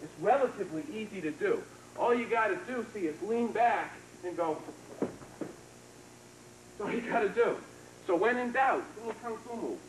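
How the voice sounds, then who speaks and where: In a noisy 1990s video shot with a distant mic in an echoey training hall, a karate instructor leads a hands-on seminar. He talks casually as he shows moves and gives short praise, in a high voice with lively intonation, normal speed, and frequent pauses.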